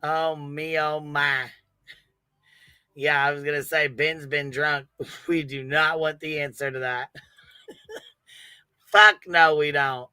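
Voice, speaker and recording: A man on a livestream panel giving crude, profane commentary, laughing and acting loudly disgusted. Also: fairly high pitch, little pitch movement, unhurried, smooth, no echo.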